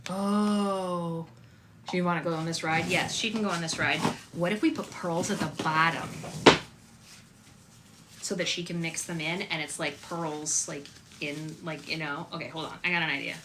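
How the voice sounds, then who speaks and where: A woman's voice: fairly low pitch, fairly even intonation, normal speed, noisy background. A woman hosting a live stream, chatting upbeat and casually with viewers while making slime.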